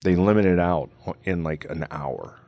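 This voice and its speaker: A man with a very deep, low voice and a Cajun accent hosts a relaxed radio and podcast conversation. He rambles easily, filling his thoughts with "you know" and "right?". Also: measured pace, dry recording, studio quality. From Louisiana. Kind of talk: casual chat.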